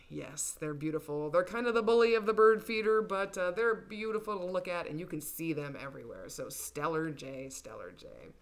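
A woman's voice: sits low, a little fast, few pauses, over loud music. A woman hosting a children's storytime, reading a picture book aloud in a playful, encouraging, sing-song way. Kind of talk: toddler storytime reading and songs.

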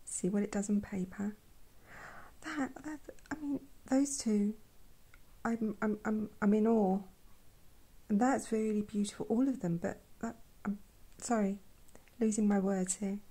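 A woman speaks in a slow, hushed voice with a gravelly fry at the ends of her words. She often drops into a whisper, then gushes effusively about what she is looking at. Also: medium pitch. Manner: gushing, effusive, trails off into whispers. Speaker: art vlogger. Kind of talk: soft-spoken swatching commentary.

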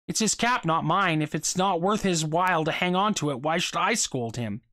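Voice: mid-range voice, animated, normal speed, fairly bright tone, no echo, clean studio sound, close to an everyday voice. A reader doing a cranky, indignant storybook dad. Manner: gruff, indignant. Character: irritable worried father, man.

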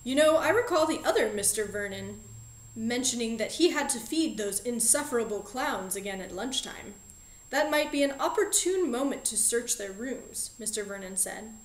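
A woman's voice: a little high, animated, normal speed, roomy sound, close to an everyday voice, low-quality recording. A woman voicing a genial, eccentric middle-aged male magic shop owner who speaks in a fussy, polite and playfully formal way, for an audiobook. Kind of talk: audiobook character reading.

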